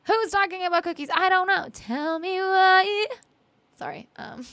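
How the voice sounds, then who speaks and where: A woman from Canada chatting with her live stream viewers, giggly and chatty with lots of ums and quick thank-yous. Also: very high voice, a bit bright, no room sound. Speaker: streamer and musician.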